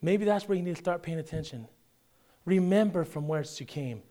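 A man preaching a sermon as pastor, chatty and direct, often checking in with his listeners and swinging from loud emphasis down to a hushed near-whisper. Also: on the high side, lively intonation, normal speed. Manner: conversational, asks the congregation "right?".

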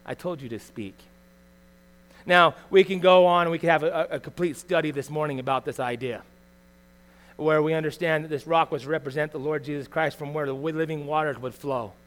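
A middle-aged man as pastor, preaching a conversational sermon full of rhetorical tag questions, swinging between loud emphasis and quiet asides. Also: on the high side, steady tone, fairly quick.

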